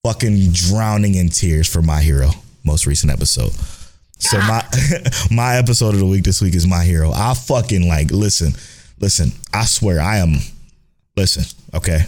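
A young man co-hosting a casual podcast, animated and swearing freely as he chats. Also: deep voice, moderate pace. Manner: animated, swearing, laughing, self-mocking. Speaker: podcast co-host. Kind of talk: casual chat.

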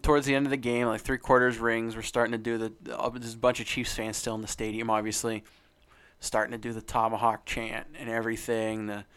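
A man's voice: mid-range voice, little pitch movement, fairly quick, a bit bright, smooth. A young man co-hosting a sports podcast, rambling and swearing as he tells a story in casual chat. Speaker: podcast co-host.

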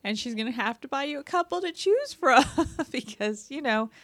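A woman's voice: high-pitched, expressive, normal speed, fairly bright tone, no echo. A woman chatting frankly about her own experience as a mother, laughing as she talks. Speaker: mother joining the chat. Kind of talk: casual chat.

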